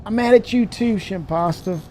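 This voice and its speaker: Relaxed man chatting on a live stream. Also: sits high, moderate pace, slight background noise. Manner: animated, laughing, talking to chat. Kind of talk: casual live-stream chat.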